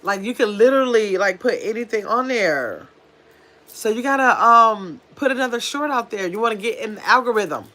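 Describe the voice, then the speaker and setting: A woman's voice: a little high, animated, moderate pace, sharp tone. A woman hosting a casual home livestream, chatting with viewers and reading out their comments. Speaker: livestream host. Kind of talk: casual live chat with viewers. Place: at home in pajamas.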